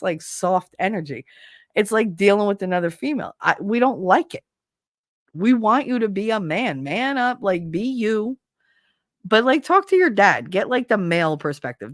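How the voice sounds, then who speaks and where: A woman's voice: on the low side, no echo, clean studio sound. Blunt, profane Jersey woman. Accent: New Jersey, with a slight Southern twang. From New Jersey. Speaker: podcast host. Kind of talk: casual opinionated chat.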